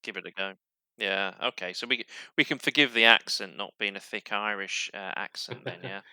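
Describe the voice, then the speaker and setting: A man from Yorkshire with a softened Yorkshire accent hosts a casual podcast chat. His voice sits low yet sounds sharply bright and smooth, recorded dry and close. He talks in loose, chatty runs full of restarts. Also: a little fast, no room sound. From Yorkshire, England. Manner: chatty, many restarts and fillers. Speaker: podcast host.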